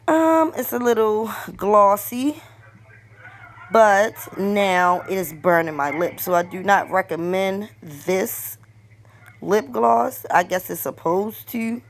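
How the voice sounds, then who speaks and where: A woman, vlogging a casual storytime while trying on lipstick, telling it animatedly with lots of fillers and swearing. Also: fairly low pitch. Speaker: beauty and coupon vlogger.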